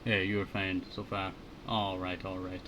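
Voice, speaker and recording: A man's voice: monotone, unhurried. Man, casual stream chat, thinking aloud, headset mic, faint background hum. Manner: thinking aloud, low-key muttering. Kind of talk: casual chat while drawing.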